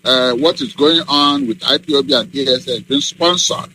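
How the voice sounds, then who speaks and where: A middle-aged man, a professor, answering in a radio interview in an emphatic, deliberate way with many ums. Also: mid-range voice, pushed and bright, slight background noise, poor audio. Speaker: guest professor and activist.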